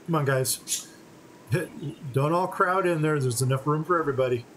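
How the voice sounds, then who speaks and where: A man giving relaxed, step-by-step commentary on a game playthrough. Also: a little high, normal speed, a little hiss or hum, low-quality recording. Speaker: gaming channel host.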